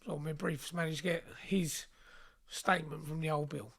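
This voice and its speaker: A man's voice: a little high, fairly even intonation, normal speed, a bit bright, slightly rough. A man, a guest on an interview show, telling a story in a blunt, sweary, rambling way.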